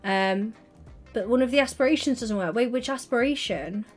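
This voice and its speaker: A young woman streaming live, chatting in a gushing, excitable way with sudden high squeals. Soft background music runs faintly behind her casual talk. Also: moderate pace. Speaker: livestreamer.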